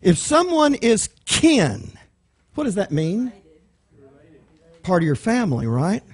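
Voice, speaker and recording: A man's voice: high-pitched, huge pitch swings, takes it slowly, slightly rough. A man with a Texan accent teaching a Bible study, breaking words down and asking the room questions in a conversational way. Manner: conversational, explains word by word, asks the room questions.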